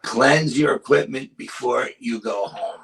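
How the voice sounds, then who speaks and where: A man's voice: mid-range voice, unhurried, gravelly. A man with a New York accent, a paranormal investigator telling a spooky field story in a casual interview, acting out voices and dropping to a whisper. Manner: animated storyteller, acts out quotes with whispers. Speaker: paranormal and cryptid investigator, guest.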